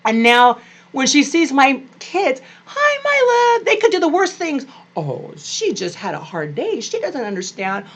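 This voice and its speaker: An older woman vlogging about being a grandmother, telling family stories in a gushing, animated way. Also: a little high, measured pace. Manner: animated, gushing, acts out quoted family voices. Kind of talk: personal storytelling to camera.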